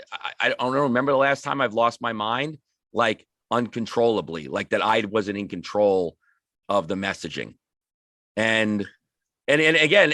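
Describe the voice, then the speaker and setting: A man's voice: medium pitch, bright, forceful tone, no echo, clean studio sound. A man on a hockey podcast panel, talking about coaching in casual chat, rambling with many restarts and repeated words.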